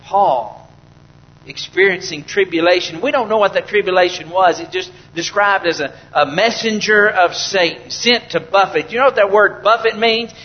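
A man's voice: sits high, moderate pace, lo-fi sound. A male pastor preaching a sermon, asking the congregation questions and building to fervent, raised passages. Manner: preaching with rising fervor, rhetorical questions to the congregation.

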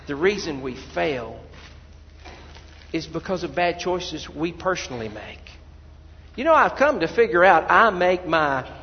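A high-pitched man preaching a sermon to his congregation. He drops to quiet, low asides, then rises to loud, pleading cries. The sound is dull and muffled, with a long echo like a large church hall. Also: a little hiss or hum. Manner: preaching with sudden loud cries when voicing people praying. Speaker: pastor.

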